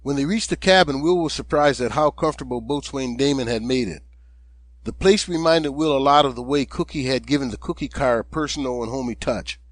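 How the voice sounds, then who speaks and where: A man narrating his own audiobook in a steady, measured way, recorded close to the microphone. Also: medium pitch, dry recording. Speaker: author and narrator.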